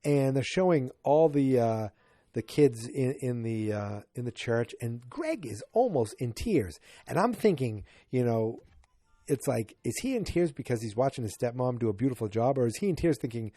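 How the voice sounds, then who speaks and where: Retelling a sitcom episode on his solo podcast, this forties-aged host jokes and rambles, slipping into characters in quick bursts. His medium-pitched voice is dark-toned with lively intonation, recorded without echo.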